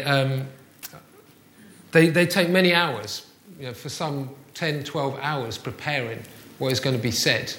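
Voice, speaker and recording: Guy preaching in church, pretty high voice, chatty, keeps asking the room questions, lots of echo. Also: a bit bright. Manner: conversational, asks the congregation rhetorical questions. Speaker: pastor. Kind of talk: sermon.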